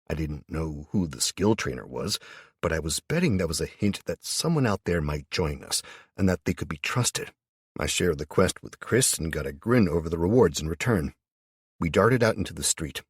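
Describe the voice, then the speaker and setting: A man's voice: deep voice, breathy edge, no echo, clean studio sound. A man narrating an audiobook in the first person, with a casual, profane storytelling manner.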